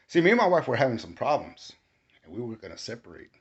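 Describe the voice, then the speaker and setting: A man giving a casual testimony, animated and rising to shouts when he quotes himself. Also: mid-range voice, fast, vocal fry. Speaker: storyteller recounting a spiritual experience. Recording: dull lo-fi recording.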